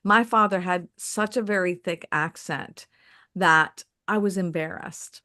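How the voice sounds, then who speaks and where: A woman's voice: fairly low pitch, a little slow, pushed and bright. A woman with a Southern American accent from Mississippi, hosting a panel discussion in an effusive manner. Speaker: host.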